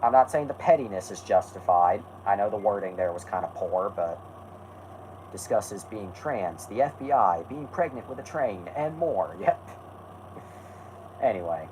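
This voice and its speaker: A man's voice: on the low side, lively intonation, moderate pace, a little mellow, slight background noise, poor audio. A man hosting a casual stream, rambling and correcting himself while answering chat. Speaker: host.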